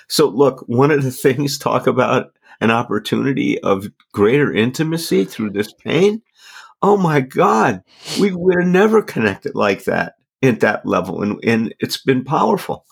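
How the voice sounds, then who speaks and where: A man's voice: mid-range voice, vocal fry, breathy edge. A middle-aged man talking as a podcast guest, earnest and reflective, often restarting his sentences. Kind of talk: candid personal conversation.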